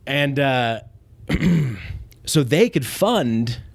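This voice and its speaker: A man's voice: mid-range voice, very animated, extremely slow, no echo. A man hosting a comedy podcast, rambling and profane and often giggling. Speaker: podcast host.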